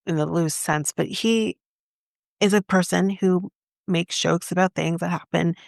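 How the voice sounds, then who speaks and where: Opinionated woman with a gravelly low voice. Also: fairly even intonation, unhurried, no echo, studio quality. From Canada. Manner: opinionated, emphatic, self-interrupting. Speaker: podcast co-host. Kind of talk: casual opinion chat.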